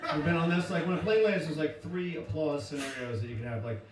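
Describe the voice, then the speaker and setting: A man's voice: on the high side, fast. A man doing a playful, self-deprecating stand-up comedy set on stage, laughing often. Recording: echoey live room from a distance, loud noise.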